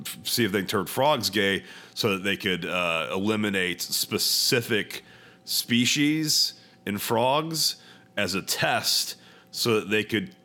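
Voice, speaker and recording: A man from Texas co-hosting a comedy podcast, talking in a wry, deliberate, profane way. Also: on the low side, sharp tone. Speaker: podcast co-host. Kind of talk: casual comedy chat.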